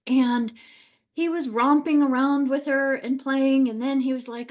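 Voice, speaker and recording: A woman telling a spiritual story in a casual, chatty way, animated and laughing often, with lots of "like"s. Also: sits high, measured pace.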